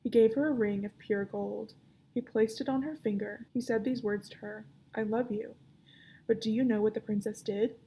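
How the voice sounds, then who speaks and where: A woman librarian reads a children's novel aloud with expressive storytelling. Her voice is gravelly and mellow, with a slightly raised pitch. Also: a little fast, slight background noise.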